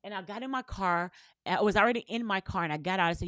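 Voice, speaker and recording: Speaking fast in a fairly low yet slightly bright, expressive voice, this woman is a business coach delivering an earnest motivational talk. The recording is dry, and her storytelling repeats itself, peppered with "right?" and spiritual, faith-based language.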